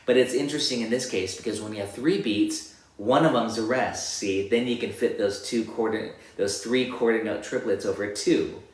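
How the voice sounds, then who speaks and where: A man giving a relaxed guitar lesson, explaining rhythms and singing them out as counted syllables. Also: lowish voice, moderate pace. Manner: counts beats and sings rhythms with "da, da" between explanations. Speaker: guitar teacher. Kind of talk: casual music lesson. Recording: echoey room with loud guitar playing. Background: his own guitar playing.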